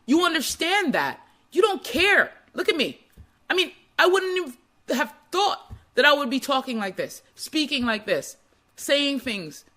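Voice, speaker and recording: A woman speaking in an animated motivational monologue, acting out quoted voices as she goes. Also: high-pitched.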